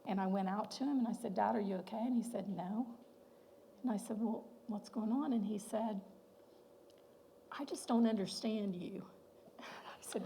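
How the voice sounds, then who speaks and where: A woman's voice: mid-range voice, animated, normal speed, gravelly, pauses often, warm tone, slight background noise, poor audio. A middle-aged woman giving an earnest, emotional personal testimony as guest speaker at a church women's luncheon. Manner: earnest, emotional storytelling with light laughs. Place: church hall.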